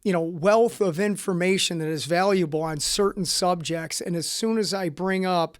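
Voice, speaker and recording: High-voiced, smooth-toned man hosting. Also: fairly even intonation, moderate pace, few pauses. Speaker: podcast host. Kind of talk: conversational interview.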